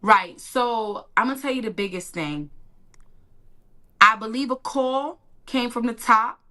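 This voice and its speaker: A woman giving an emotional personal testimony in an interview, animated and colloquial, acting out the lines she quotes. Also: a little high, measured pace. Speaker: interview guest.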